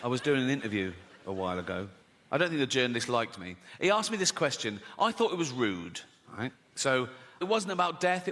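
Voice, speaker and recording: A man's voice: fairly high pitch, fairly bright tone. A middle-aged man doing a stand-up comedy set, laughing at his own jokes and acting out voices. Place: large live venue before an audience. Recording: live hall reverb, faint crowd noise.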